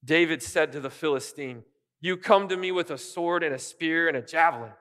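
An earnest man preaches with animation, his fairly high voice ringing through a church sanctuary. A long hall reverb trails after his words, and he often restarts his phrases. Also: a little fast, fairly bright tone. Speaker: pastor. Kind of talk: sermon.

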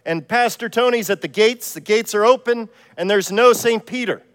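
A man from Ohio preaches in a casual, self-deprecating way, telling stories as he goes. His voice sits high for a man, and the long reverb of a church sanctuary trails after each phrase. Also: moderate pace, a bit bright. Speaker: pastor. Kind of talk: sermon.

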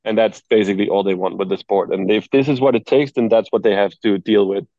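A man's voice: on the low side, fairly even intonation, quick pace, warm tone, no room sound, muffled recording. A male tennis coach joining a panel and thinking aloud, with many restarts. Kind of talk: casual chat.

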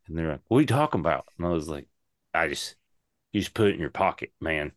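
A man's voice: extremely low pitch, fast talker, no room sound, clean studio sound. A man co-hosting a casual podcast, telling stories animatedly and riffing with jokes. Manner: animated storyteller, jokey riffs. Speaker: podcast co-host.

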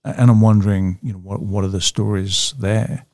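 A man asking an interview guest measured, searching questions. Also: on the low side, fairly even intonation, darkish tone, no echo, studio quality.

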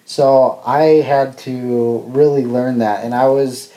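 A man earnestly recounting lessons from a ceremony, in a halting, reflective conversational way. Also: medium pitch, fairly even intonation, mellow, muffled recording. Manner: earnest, halting with fillers and restarts. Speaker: travel vlogger.

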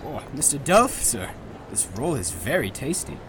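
A man's voice: medium pitch, sing-song, normal speed, a bit bright, a little hiss or hum. A man playing a timid young newspaper apprentice who speaks hesitantly and deferentially. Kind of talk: audio drama acting.

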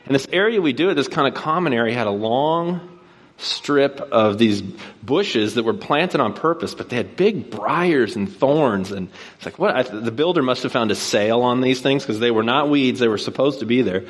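Male pastor with a medium-pitched voice, preaching from a stage in an easygoing, anecdotal way that builds into rhetorical questions. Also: expressive, moderate pace. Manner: conversational storyteller, asks repeated rhetorical questions. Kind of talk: sermon with personal anecdote.

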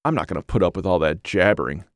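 A man's voice: low-pitched, expressive, fast talker, dry recording, clean studio sound. A man voicing a crude, sarcastic male hiker in an audiobook, blunt and cursing. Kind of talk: audiobook character voice.

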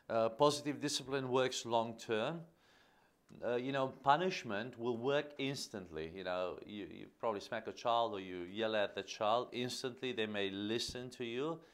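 A man hosting a podcast, giving an earnest teaching monologue on parenting and stressing key phrases by repeating them. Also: fairly low pitch. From Australia. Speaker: podcast host.

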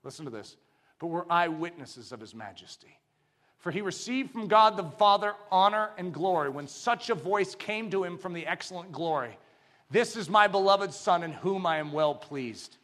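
A man preaching a sermon, swinging from quiet, probing questions to drawn-out shouted proclamation. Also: sits high, animated.

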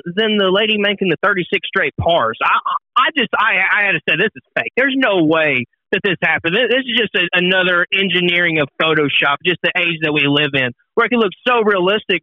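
High-pitched guy ranting on a golf podcast, bouncy animated delivery, kinda muffled dull audio. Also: quick pace, no room sound. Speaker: podcast co-host. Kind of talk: casual chat.

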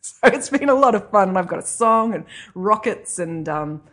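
Casting: woman, children's author being interviewed, chatty and quick to laugh. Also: mid-range voice, expressive, a bit bright. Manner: chatty, laughs often, self-deprecating. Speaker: children's author and comedy writer. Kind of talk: interview conversation.

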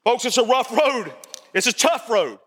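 A male pastor preaching a sermon, folksy and repetitive, building to shouts. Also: very high voice, sing-song, normal speed, in a large hall. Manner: folksy, repeats phrases, rises to shouting. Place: church sanctuary.

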